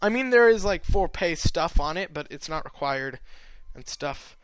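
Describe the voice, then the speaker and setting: Young male audiobook reader, high clear voice, chatty and meandering, dry close sound. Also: expressive, normal speed, fairly bright tone, dry recording. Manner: chatty, meandering, full of fillers and restarts. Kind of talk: rambling author's note.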